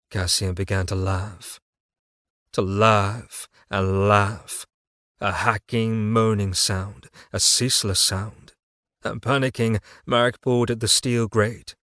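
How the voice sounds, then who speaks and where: Male audiobook narrator, low voice, measured dark delivery, dry close sound. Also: flat delivery, no room sound.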